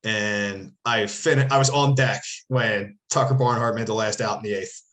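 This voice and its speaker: A man's voice: on the low side, fairly even intonation, normal speed, a bit bright. A man from the Philadelphia area, casually telling a long story as a podcast co-host, rambling, swearing and correcting himself as he goes. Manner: rambling, profane, self-correcting. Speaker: podcast co-host, former ballplayer.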